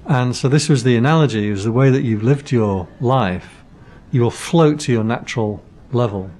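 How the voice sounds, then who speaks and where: A man's voice: mid-range voice, normal speed, a little mellow. A man, a Buddhist monk, explaining ideas patiently in a casual podcast chat, with analogies and dry jokes. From Britain.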